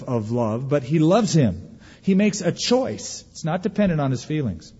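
Husky-voiced man preaching with lively pitch. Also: in a large hall, lo-fi sound. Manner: folksy, humorous preaching with dramatic pauses. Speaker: pastor. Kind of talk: sermon.

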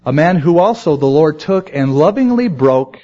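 A man preaching a sermon to his congregation, animated and acting out quoted voices. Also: on the high side, moderate pace, dull audio. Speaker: pastor.

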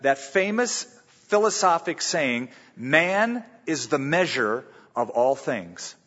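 A man preaching a sermon in earnest, reading scripture aloud and slowing down for emphasis. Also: a little high, a bit bright, breathy edge, long reverb tail, dull audio. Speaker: pastor.

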